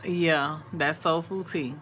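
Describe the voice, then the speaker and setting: A woman's voice: sits low, fairly even intonation, takes it slowly, fairly bright tone, slight background noise. A woman, sleepy and chatty, talking casually to viewers in a late-night live chat. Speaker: vlog host.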